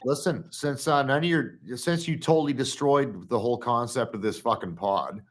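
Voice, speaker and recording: A man's voice: medium pitch, moderate pace. Teasing, foul-mouthed man hosting a podcast. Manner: teasing, profane, joking. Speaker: podcast host and producer. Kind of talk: casual live podcast chat. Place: at home with a dog.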